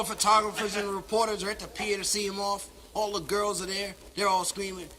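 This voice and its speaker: Brief: male stand-up comic, high lively voice, crackly 1960s vinyl. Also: quick pace, few pauses. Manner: animated, playful, punchy delivery. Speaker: stand-up comedian. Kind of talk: stand-up storytelling.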